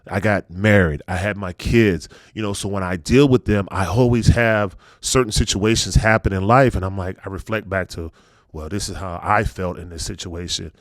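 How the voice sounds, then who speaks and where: A man's voice: deep voice, moderate pace, no echo, clean studio sound. A middle-aged man hosting a casual podcast chat, telling personal stories earnestly and dropping his voice when he turns reflective. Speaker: podcast host.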